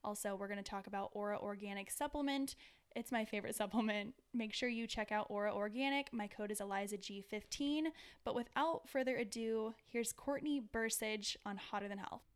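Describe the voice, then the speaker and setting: A woman hosts a podcast with an upbeat, chatty energy and talks straight to her listeners. Her voice is smooth and clear, at a middle pitch. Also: a little fast. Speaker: podcast host. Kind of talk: casual podcast chat. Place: home, seated on the floor.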